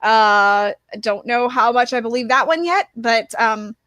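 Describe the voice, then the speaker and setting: A woman's voice: fairly high pitch, a little slow, fairly bright tone, no echo, studio quality. Hesitant woman co-hosting a podcast. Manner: thinks aloud, hesitant with many fillers. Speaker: podcast co-host. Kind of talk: casual chat.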